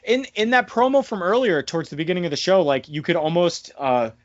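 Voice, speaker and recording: A man co-hosting a casual wrestling recap podcast, talking animatedly and slipping into excited impressions now and then. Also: sits high, brisk, no echo, highs cut off. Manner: animated, breaks into excited mimicry. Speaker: podcast co-host.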